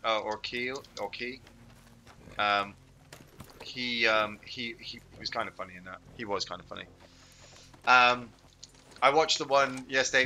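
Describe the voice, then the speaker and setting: A man's voice: medium pitch, moderate pace, long pauses, sharp tone, slight background noise. A man chatting casually while playing a video game, rambling, swearing, and breaking off his own sentences. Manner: rambling, swearing, self-interrupting. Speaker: game streamer. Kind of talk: casual gameplay commentary.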